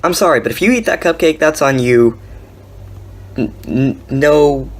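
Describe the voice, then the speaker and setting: A woman's voice: sits low, unhurried. A young woman giving sarcastic, incredulous reaction commentary on prank videos, laughing often. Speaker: commentary YouTuber.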